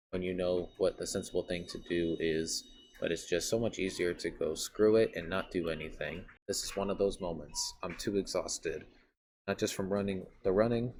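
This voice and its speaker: Low-voiced male gamer narrating a horror visual novel, dramatic with loud outbursts. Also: a little hiss or hum. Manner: dramatic, blurts out loud swearing, trails off into asides. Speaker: gaming YouTuber. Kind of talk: reading a horror visual novel aloud with commentary.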